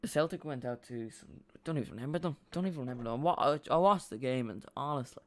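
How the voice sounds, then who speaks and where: A man's voice: medium pitch, fast. A man streaming a live watch-along, chatting casually in a rambling way, repeating himself and reacting to the play.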